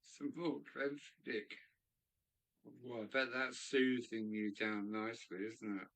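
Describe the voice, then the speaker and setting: Male live-stream host, casual rambling chat, unhurried delivery. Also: medium pitch, level tone, a bit bright, poor audio. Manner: rambling, chatty, musing aloud. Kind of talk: casual chat reading viewer comments. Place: hobby room in a loft.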